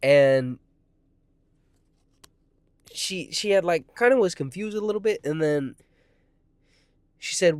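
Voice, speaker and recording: A man's voice: a little high, expressive, slow, long pauses, clear, resonant tone, no echo. A man telling a personal story in a casual monologue, rambling and profane, jumping between tangents and acting out quoted lines. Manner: acts out quoted voices, shouting in heated moments.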